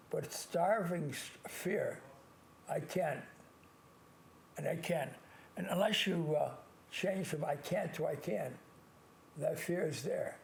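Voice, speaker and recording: Earnest older priest with a gravelly voice. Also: male voice, a little high, a little hiss or hum. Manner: earnest, repetitive, stresses key words slowly, with frequent restarts. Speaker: priest hosting a call-in TV show. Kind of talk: call-in show monologue, motivational advice.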